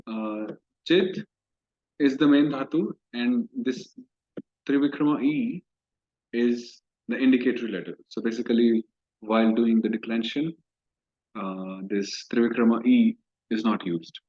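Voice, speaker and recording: Brief: man, mid-pitched teacher voice, patient lecture pace, dull lo-fi class recording. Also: fairly even intonation, a little slow, darkish tone. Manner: patient step-by-step explaining, repeats terms. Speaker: Sanskrit grammar teacher.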